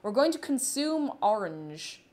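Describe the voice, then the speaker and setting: A woman's voice: on the high side, big pitch swings, a little slow, a little mellow. A woman chatting casually while she bakes in her home kitchen during a livestream, gushing about food and reading viewer comments aloud. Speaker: streamer.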